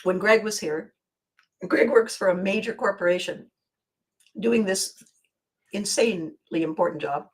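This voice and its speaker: An older woman hosting her own podcast, talking in a rambling, emotional monologue with frequent pauses. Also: mid-range voice. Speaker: podcast host. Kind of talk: personal monologue.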